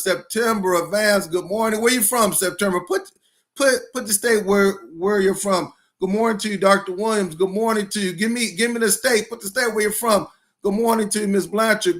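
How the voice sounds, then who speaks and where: A middle-aged man who is a school principal, hosting a live-streamed educational podcast. He is energetic and hyped, repeats phrases for emphasis and greets viewers one by one by name. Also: sits high.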